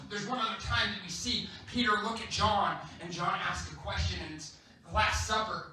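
A man preaching as a guest speaker at a church, telling the story in an animated, playful, emphatic way. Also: sits high, normal speed, hardly any pauses, slight background noise. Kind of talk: sermon. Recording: echoey church hall, distant mic.

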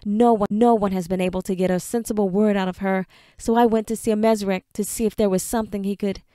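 A woman's voice: mid-range voice, fairly even intonation, fast, dark tone, clean tone, dry recording, studio quality, close to an everyday voice. A woman voicing an earnest young man who pleads with his father and fights back tears, read for an audiobook. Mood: earnest, worried. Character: earnest young adult son, proud and grieving.

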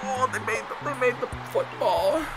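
A man doing comedic let's-play commentary, mock-enthusiastic, telling absurd jokes in a deadpan way and swinging between shouting and mumbling. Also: very high voice, moderate pace, loud music behind the voice. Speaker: gaming YouTuber.

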